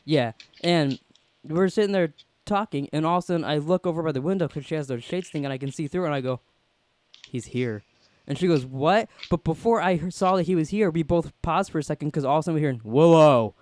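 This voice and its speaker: A man hosting a podcast, telling a story in a casual, animated way and acting out the people he quotes. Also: on the high side, fast. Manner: animated, acts out quoted voices. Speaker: podcast host.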